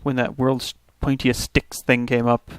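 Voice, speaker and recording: A man's voice: medium pitch, flat delivery, measured pace, smooth, dry recording. A man from Canada hosting a let's play, casually thinking aloud through his turns with restarts and little asides. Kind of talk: casual gameplay commentary.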